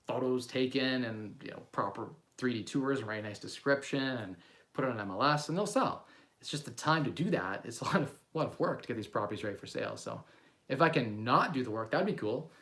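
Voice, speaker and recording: A man in his thirties talks casually on a livestream, answering viewers' questions as he goes. His voice sits at a middle pitch, and his delivery is loose and rambling, full of ums and restarts. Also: lively intonation, fast, a bit bright.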